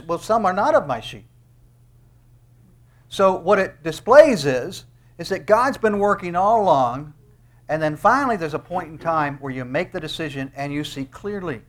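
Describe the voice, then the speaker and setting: A middle-aged man preaching an expository sermon, reading scripture aloud and stressing key phrases emphatically. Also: high voice. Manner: emphatic, rising on quoted verses.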